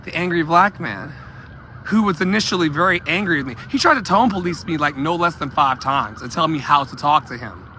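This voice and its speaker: An activist vlogger walks outdoors delivering an impassioned street vlog, his fairly high voice animated, brisk and bright with a forceful edge. He talks emphatically, repeats himself and makes asides to his viewers, with slight background noise.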